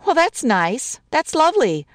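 A touchy young newlywed bride, read by a woman, with a lively, swooping voice. She rattles off quick, sarcastic complaints. The recording is close and dry. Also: high-pitched, dry recording. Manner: wounded, sarcastic, rapid rambling complaints. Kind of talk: dramatic story reading.

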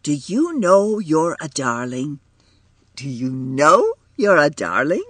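Guy doing a sweet doting mom voice, gentle and coaxing, breathy, dry close mic. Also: mid-range voice, wildly swooping pitch, a little slow, no room sound, exaggerated voice. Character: proud doting young mother, adult woman. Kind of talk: audiobook reading.

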